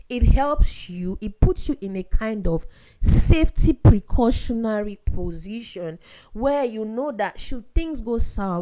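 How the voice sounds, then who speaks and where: A woman's voice: mid-range voice, warm tone. Earnest woman giving marriage advice. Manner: earnest, direct, preachy, addresses viewers as sisters. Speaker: vlogger giving relationship advice. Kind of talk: casual advice monologue.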